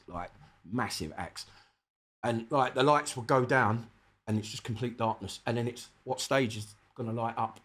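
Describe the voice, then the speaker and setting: A middle-aged man with a South London accent, a guest MC telling lively, sweary anecdotes in a casual interview, acting out the dialogue. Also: medium pitch, slightly rough. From South London, England.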